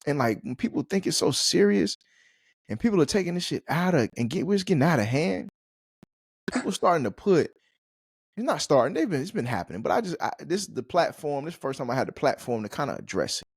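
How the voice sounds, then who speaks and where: A man co-hosting a podcast, telling stories in animated, slangy casual chat and laughing often. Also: on the high side, fast talker, gravelly, husky, dry recording, clean studio sound. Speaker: podcast co-host.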